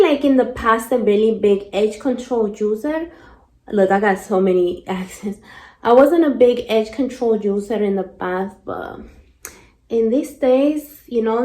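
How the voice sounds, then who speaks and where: A woman's voice: medium pitch, darkish tone, pitched below the performer's own voice, close to an everyday voice. A woman voicing a chatty female salon stylist with a Spanish accent, rambling and dropping Spanish fillers. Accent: Spanish-accented English. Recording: roomy echo.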